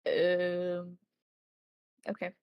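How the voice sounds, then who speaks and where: A woman's voice: lowish voice, completely flat delivery, drawn-out words, clean tone, muffled recording. A young woman streamer reading a text horror game aloud, playful and laughing often, cooing at pets in baby talk. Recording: music playing behind the voice.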